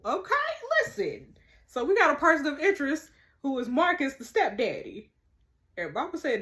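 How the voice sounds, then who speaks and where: A woman's voice: fairly high pitch, big pitch swings, normal speed, a bit bright. A woman chatting with viewers as she plays a mystery game, reading clues and messages aloud. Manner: chatty, talks to viewers, reads texts aloud. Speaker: gamer playing a mystery game. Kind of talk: casual let's-play commentary.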